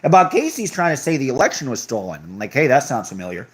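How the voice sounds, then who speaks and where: A young livestream host chats casually, going through viewer comments and reacting with offhand sarcasm. He is very animated and talks fast, his voice at a medium pitch.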